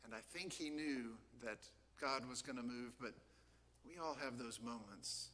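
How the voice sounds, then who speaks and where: Delivering a church sermon, a pastor performs the figures in a Bible story with liveliness. He speaks unhurriedly at medium pitch.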